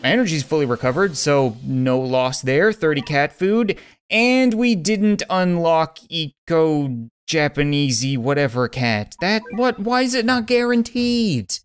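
A man talks his way through a mobile game run in loose, self-mocking commentary. His voice sits a bit high for a man, with faint game music humming underneath. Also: lively intonation, measured pace, clear, resonant tone. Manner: joking, rambling, self-mocking. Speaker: let's play host. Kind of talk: casual gameplay commentary.

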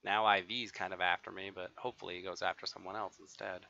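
A man giving excitable live gameplay commentary as a streamer, swearing and taunting other players. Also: low-pitched, fast, vocal fry. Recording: dull lo-fi stream audio.

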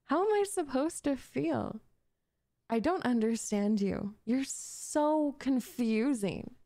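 Woman voicing a jealous gamer girl, young, audio role-play, bossy and flustered, gravelly fry, slow delivery. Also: high-pitched, lively intonation, warm tone, dry recording, full character voice. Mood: flustered, angry. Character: possessive, jealous young woman gamer, the listener's duo partner. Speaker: voice actress.

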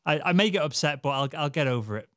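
A man's voice: a little high, expressive, quick pace, dry recording, clean studio sound. A man hosting a podcast interview, thinking aloud and restarting his sentences as he goes. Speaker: podcast host. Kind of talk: interview conversation.

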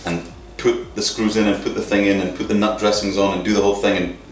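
A man's voice: lowish voice, little pitch movement, quick pace, far from the mic, slight background noise. A man vlogging his screen-printing work in a casual, chatty way, thinking aloud and adding playful sound effects. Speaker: maker vlogger. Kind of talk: casual workshop narration. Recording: roomy sound with music behind.

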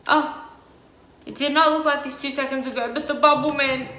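A woman's voice: sits high, steady tone, moderate pace, bright, forceful tone, reverberant, slight background noise, poor audio. A woman hosting a horror game playthrough, jumpy and chatty, gasping and shrieking at scares and talking to her viewers. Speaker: gaming channel host. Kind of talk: horror game let's play commentary.

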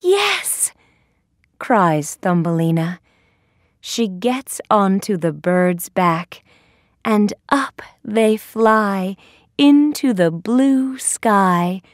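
Woman narrator, very slow deliberate story reading, dry close sound. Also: medium pitch, no room sound. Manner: careful, clear and deliberate.

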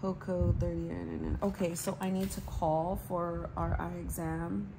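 A woman's voice: on the low side, little pitch movement, moderate pace, over music, low-quality recording. A woman, chatting casually to viewers and to herself as she fills in her planner. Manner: chatty, talks to herself while writing. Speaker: planner vlogger.

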